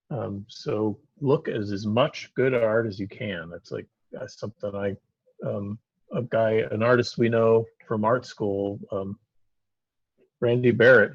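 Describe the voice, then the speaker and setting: A man's voice: on the low side, creaky, husky, dry recording, lo-fi sound. A man co-hosting a live painting stream, chatting casually and rambling through painting technique with lots of fillers. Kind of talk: casual chat while painting.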